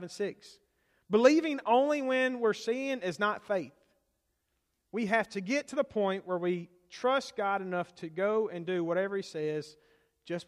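A man preaching a sermon to a church congregation, swinging between loud emphasis and hushed, quiet lines. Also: sits high. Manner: preaching with dramatic swings from loud to hushed, acting out quoted voices. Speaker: pastor. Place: church sanctuary. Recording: long hall reverb.

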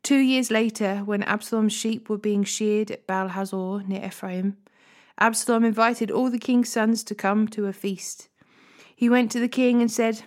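A woman's voice: mid-range voice, normal speed. Woman reading Bible stories. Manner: steady storytelling. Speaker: Bible reader.

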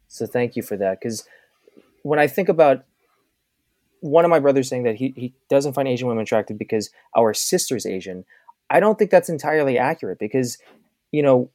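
A man in casual conversation, thoughtful and searching for words, often restarting his sentences. His voice sits at a middle pitch and is recorded dry, with no room sound. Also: warm tone, dry recording. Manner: reflective, halting with many restarts. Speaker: podcast guest, author.

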